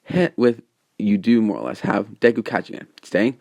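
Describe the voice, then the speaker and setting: Male fan narrator, rambling casual retelling, lowish voice. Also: animated, normal speed, gravelly, a little mellow, dry recording. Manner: rambling, filler-heavy.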